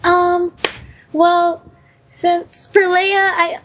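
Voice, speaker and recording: Teen girl interviewee, high and unsure, on a dull lo-fi podcast line. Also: level tone, drawn-out words. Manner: hesitant, lots of ums. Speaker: guest, aspiring voice actor. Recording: dull lo-fi recording.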